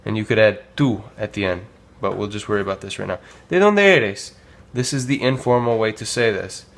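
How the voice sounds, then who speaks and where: A man teaching a casual language lesson, modelling phrases slowly with many pauses and filler words. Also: on the low side, gravelly. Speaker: Spanish teacher.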